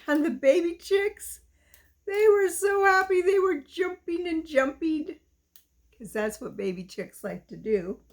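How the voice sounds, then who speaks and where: Lady reading a kids' story, slow and bouncy, high voice. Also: lively intonation. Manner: gentle, sing-song, speaks to children. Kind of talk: reading a children's story aloud.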